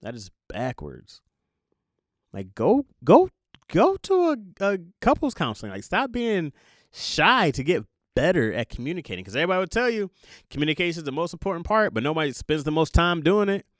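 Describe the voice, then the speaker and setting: A young man hosting a podcast, talking through a casual confessional monologue in an animated, jokey way and laughing at himself. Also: fairly high pitch, a little fast, no room sound, studio quality. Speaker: podcast host.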